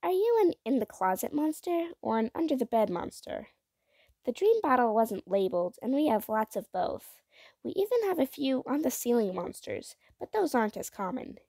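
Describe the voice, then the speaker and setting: A woman reading aloud voices a curious, bookish young girl, speaking softly and coaxingly in a raised voice. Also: very animated, normal speed, vocal fry, no echo, studio quality, exaggerated voice. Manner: soft, coaxing, higher voice.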